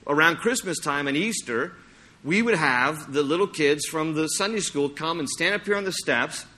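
A middle-aged man preaching a sermon in a church, lively and storytelling, acting out little scenes as he goes. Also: on the high side, normal speed. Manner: animated, acts out anecdotes with playful sung impressions. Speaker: pastor. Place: church sanctuary.

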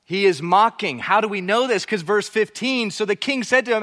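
Guy preaching a sermon, kinda high voice, pushes hard then goes quiet, big echoey hall. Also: moderate pace, few pauses. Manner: emphatic preaching, drops to soft asides. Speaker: pastor.

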